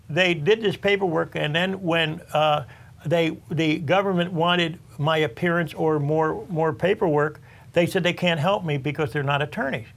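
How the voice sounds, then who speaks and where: High-voiced earnest attorney host, man. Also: creaky, a bit bright. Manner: earnest, repetitive, advising listeners directly. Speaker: tax and immigration attorney, show host. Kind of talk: talk show monologue.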